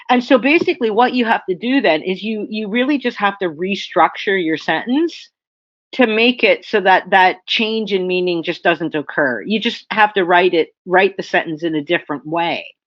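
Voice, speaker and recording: A woman's voice: medium pitch, no room sound. Woman, seminar lecture, chatty teacher tone, dry close sound, slightly dull. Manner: conversational, checks in with "okay?" and "right?".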